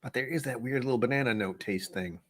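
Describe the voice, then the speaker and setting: A man's voice: medium pitch, quick pace, a bit bright, a little hiss or hum. A man hosting a casual tasting livestream, talking in a rambling, offhand way and thinking aloud. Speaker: livestream host.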